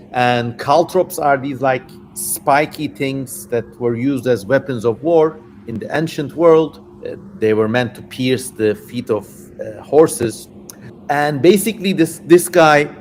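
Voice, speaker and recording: Brief: male streamer, casual and irreverent, mid-pitched voice, swears in asides. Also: darkish tone, slight background noise. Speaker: streamer reading an ancient text. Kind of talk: casual livestream reading with tangents.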